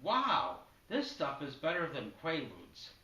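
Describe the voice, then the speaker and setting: A paranoid, foul-mouthed sitcom father barks gruff profane outbursts, as a man puts him on. The voice sits fairly high with a bright edge. It comes from a distance in an echoey room. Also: expressive, measured pace.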